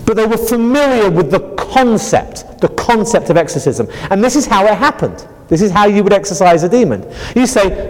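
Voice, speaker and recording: A man preaching a sermon as pastor, animated and acting out scenes. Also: sits high, a little fast, hardly any pauses, in a large hall, rough recording. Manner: animated, acts out scenes with laughter.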